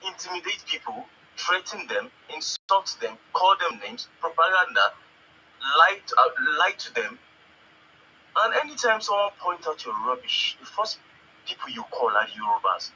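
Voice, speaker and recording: A man rants angrily on an online audio chat, with a bright, tense voice and a lively pitch. A faint noise sits under the call. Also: moderate pace, rough recording. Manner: angry, profane, mimics others' voices. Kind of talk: heated political rant.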